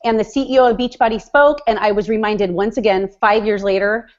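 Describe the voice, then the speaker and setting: A gushing, excitable woman in her forties tells her coaching story on a group call. Her pitch is middling. The line sounds dull and lo-fi. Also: brisk. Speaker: fitness business coach.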